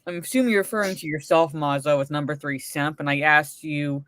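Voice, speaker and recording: A woman with a low, steady, fairly bright voice talks fairly quickly on a recording with no room sound. Co-hosting a casual livestream while recovering from a migraine, she reads out chat messages in a rambling way, full of fillers and restarts.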